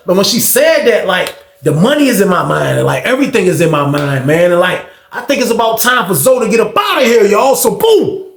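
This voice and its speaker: Animated storytelling man in an echoey room. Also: brisk, creaky. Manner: animated, swings from loud bursts to hushed low tones. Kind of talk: casual storytelling. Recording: roomy echo.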